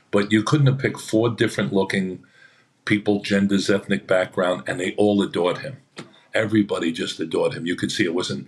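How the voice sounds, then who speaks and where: A man, an actor on a podcast, telling rambling anecdotes in a chatty way and acting out what others said. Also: low-pitched. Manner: chatty, acts out quoted voices. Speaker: actor guest.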